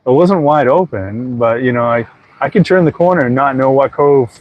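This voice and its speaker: Guy rambling thru a boat story, casual chat, middle pitch. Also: expressive, moderate pace, narrow, tinny audio, slight background noise. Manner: rambling storyteller, acts out quotes. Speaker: podcast co-host. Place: aboard a sailboat.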